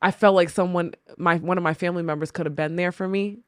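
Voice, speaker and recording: A woman's voice: on the low side, steady tone, fast, smooth, no room sound, clean studio sound. A woman on a podcast, speaking candidly and reflectively about personal struggles, often voicing her own past thoughts. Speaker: podcast guest, co-host wife. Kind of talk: candid conversational storytelling.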